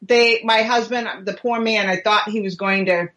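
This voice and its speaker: A woman's voice: medium pitch, steady tone, moderate pace, a bit bright. Chatty New woman, roomy room. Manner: chatty storyteller, laughs easily. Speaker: co-host. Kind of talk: casual podcast chat.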